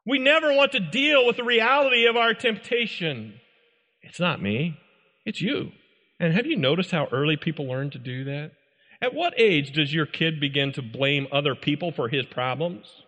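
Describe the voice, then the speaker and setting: Emphatic preacher in an echoey hall. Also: male voice, a little high, normal speed, sharp tone. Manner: emphatic, rhetorical questions to the congregation. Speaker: pastor. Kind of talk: sermon.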